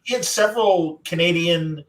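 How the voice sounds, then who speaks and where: This podcast host has a fairly high voice and speaks at an ordinary pace, though the audio is low quality. Hosting a casual group conversation, he tells a story in warm, conversational recollection with a former radio broadcaster's delivery.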